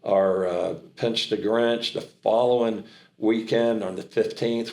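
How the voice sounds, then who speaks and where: A middle-aged American man with a trace of a Southern accent, telling stories in an animated, rambling way and often restarting his sentences. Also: on the low side, takes it slowly, vocal fry, echoey room. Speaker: charity founder and auctioneer. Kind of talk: casual interview talk.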